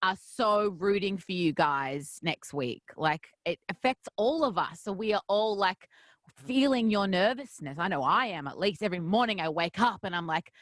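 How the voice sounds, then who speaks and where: Aussie lady radio host, playful and animated, super dry close mic. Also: mid-range voice, normal speed, no echo. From Australia. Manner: bubbly, teasing, animated. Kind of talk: playful casual interview. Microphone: headphones and studio mic.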